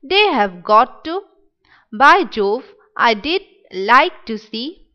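A woman's voice: on the high side, sing-song, takes it slowly, muffled recording. A woman reading as a sneering village headman. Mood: mocking. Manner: sneering and mocking. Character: pompous, spiteful village headman, middle-aged man. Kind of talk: dramatic reading of a play.

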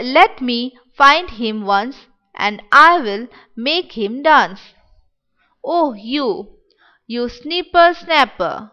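A woman's voice: high voice, bright, forceful tone, highs cut off, full character voice. A woman reading as a sneering village headman. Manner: sneering and mocking. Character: pompous, spiteful village headman, middle-aged man. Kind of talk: dramatic reading of a play.

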